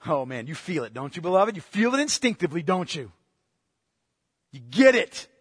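A man preaching a sermon with passion, firing rhetorical questions and swinging between loud outbursts and hushed asides. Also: fairly high pitch, sing-song, normal speed, slightly rough, dry recording, studio quality, in a large hall. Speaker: pastor.

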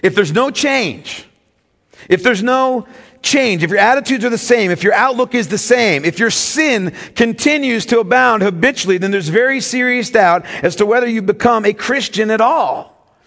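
A man's voice: high-pitched, moderate pace, creaky, fairly bright tone, big-room sound. A man preaching a sermon as pastor, emphatic and teaching, often asking the congregation questions.

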